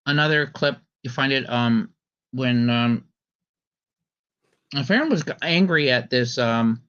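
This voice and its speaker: A man's voice: mid-range voice, takes it slowly, a bit bright, smooth. Rambling man on a dull lo-fi mic. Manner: rambling, full of ums and restarts. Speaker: podcast host. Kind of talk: casual commentary chat. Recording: slightly dull lo-fi audio.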